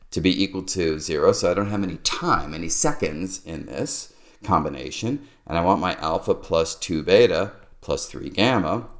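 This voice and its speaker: A middle-aged man explaining a physics derivation step by step, musing aloud as he writes. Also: sits low. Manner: musing, talks to himself while writing. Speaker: physics lecturer.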